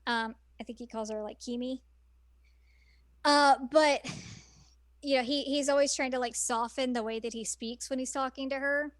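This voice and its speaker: Woman, podcast co-host, casual anime chat, rambling with fillers, fairly high voice, dry close sound. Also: steady tone, normal speed, no room sound. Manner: rambling, many fillers and restarts.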